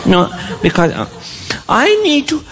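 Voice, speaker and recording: A man doing stand-up, telling a story as an exasperated father with animated delivery. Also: extremely high pitch, unhurried, background noise. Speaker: stand-up comedian. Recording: live stand-up with loud crowd laughter. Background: audience laughter.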